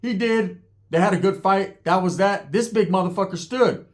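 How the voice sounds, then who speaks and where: High-voiced streetwise storyteller. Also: male voice, moderate pace. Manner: streetwise, slangy, animated. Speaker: comedic storyteller, channel host. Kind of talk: profane comedic storytelling.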